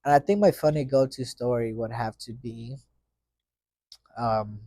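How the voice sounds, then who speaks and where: A young man tells a story on his podcast in loose, slangy talk, padding it with constant fillers. His voice sits at an ordinary middle pitch. The recording is dry and close, with no room sound. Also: unhurried, warm tone, no echo. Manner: slangy, rambling, full of fillers like "you know what I mean". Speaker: podcast host. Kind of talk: casual storytelling monologue.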